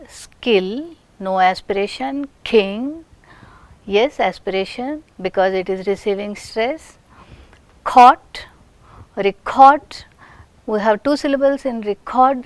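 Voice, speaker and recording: A woman's voice: mid-range voice, dry recording. A woman from India with an Indian English accent, giving a recorded phonetics lecture and demonstrating sounds, sometimes in a whisper. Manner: slow, deliberate, demonstrating sounds with whispered examples.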